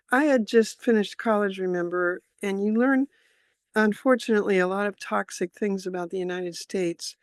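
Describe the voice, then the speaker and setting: Older woman storyteller guest, casual and chatty, lively retelling of quotes, average pitch, dead-dry room. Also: dry recording. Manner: lively storyteller who acts out quoted voices and laughs often. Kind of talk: casual interview chat, telling travel anecdotes.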